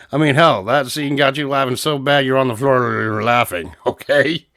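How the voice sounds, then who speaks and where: A man's voice: medium pitch, a little slow, a bit bright, no room sound, studio quality. A man co-hosting a casual review chat, joking and laughing often. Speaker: co-host reviewing wrestling.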